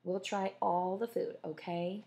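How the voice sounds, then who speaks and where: A woman's voice: fairly low pitch, wildly swooping pitch, normal speed, creaky, a little mellow, full character voice. A woman voicing a sulky, scheming schoolgirl who speaks pointedly. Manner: pointed, feigning innocence.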